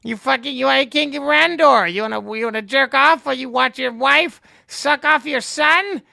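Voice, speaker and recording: A man voicing a crude, boastful male skeletal villain sorcerer in a vulgar trash-talking rant, with a shrill gravelly cackle. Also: moderate pace, pushed and bright, no room sound, studio quality, exaggerated voice. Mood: gloating, vulgar.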